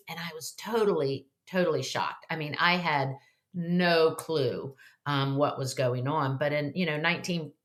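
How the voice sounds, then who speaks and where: A woman in her fifties with a notably low voice recounts a story as an interview guest. She talks in an earnest, chatty way, stopping often for fillers and small restarts. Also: a bit bright. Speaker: author and guest.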